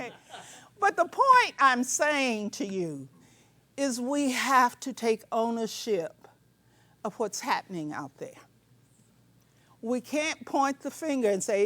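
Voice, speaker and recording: A woman's voice: sits high, no echo. Emphatic older woman lecturing, preacherly. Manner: preacherly, emphatic, sometimes shouting; conversational asides, colloquial. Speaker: speaker.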